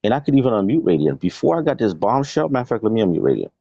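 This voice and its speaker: A man's voice: fairly low pitch, big pitch swings, racing, gravelly, mellow, slightly rough, no echo. Angry profane man ranting on a live stream. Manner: aggressive, profane, confrontational. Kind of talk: heated live-stream rant. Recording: dull lo-fi stream audio.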